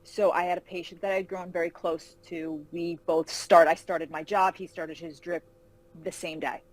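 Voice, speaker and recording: A woman novelist being interviewed over a video call, telling animated anecdotes and acting out quoted voices. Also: fairly low pitch, normal speed, poor audio. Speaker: fantasy novelist guest. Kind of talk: casual interview storytelling.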